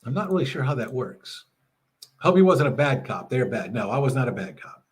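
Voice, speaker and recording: Chatty husky-voiced man reading chat. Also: mid-range voice, big pitch swings, brisk. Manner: chatty, laughs often, reads chat aloud. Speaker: livestream host. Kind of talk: casual live chat reading. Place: home RV.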